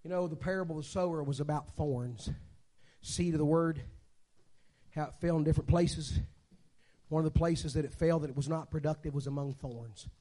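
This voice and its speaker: A man in his sixties preaching a sermon as a guest preacher, telling stories and swinging between quiet talk and shouting. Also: fairly high pitch, moderate pace.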